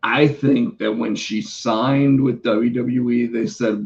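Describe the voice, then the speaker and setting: A man co-hosting a casual wrestling chat, rambling with restarts and fillers, his voice going hoarse. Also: medium pitch, fairly even intonation, slow pace, hardly any pauses, a little mellow, highs cut off, slight background noise. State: losing his voice. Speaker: podcast co-host.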